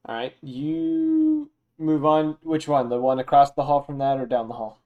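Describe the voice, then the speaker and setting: A man narrating a tabletop game as game master, relaxed and loose, with many fillers. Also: a little high, normal speed, creaky, phone-quality sound.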